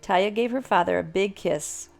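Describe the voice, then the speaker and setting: Older woman narrator, children's story, expressive read-aloud, faint music under. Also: mid-range voice, normal speed, creaky.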